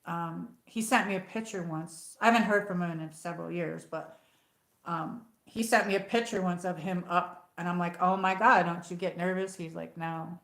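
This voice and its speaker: A woman's voice: lowish voice, steady tone, moderate pace, a bit bright. A woman hosting a casual livestream from home, rambling and chatty as she greets viewers by name. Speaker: livestream host. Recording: echoey room.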